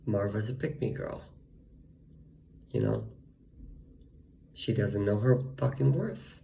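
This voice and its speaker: A man's voice: fairly low pitch, gravelly, mellow, slight background noise. A man venting in a casual monologue, profane and ranting, full of fillers. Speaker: vlogger.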